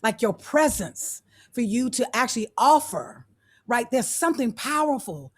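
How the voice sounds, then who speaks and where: A woman's voice: on the high side, sing-song, unhurried, husky. A woman speaking as a guest on a video call, giving students an affirming motivational talk and repeating her phrases.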